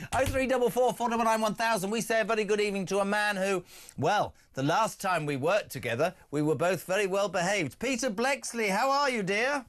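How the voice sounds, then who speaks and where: A man hosting a live talk radio show, reading listener messages aloud in a brisk, jokey way. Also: high voice, a bit bright.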